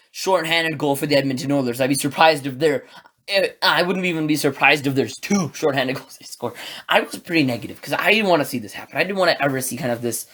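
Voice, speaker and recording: Solo podcast guy rambling through a game recap, gets all worked up, voice jumps around a lot. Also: on the high side. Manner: excitable, rambling, acts out his own reactions. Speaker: podcast host.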